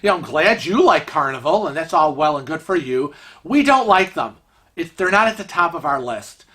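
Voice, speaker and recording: A man voicing a blunt middle-aged husband who talks plainly and sounds exasperated while he tries to stay calm. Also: a little high, normal speed.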